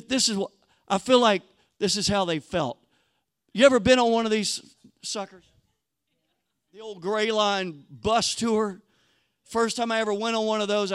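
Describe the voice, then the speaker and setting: A male pastor delivering a sermon in an animated, conversational storytelling style, often restarting his sentences. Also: high voice, no room sound, clean studio sound.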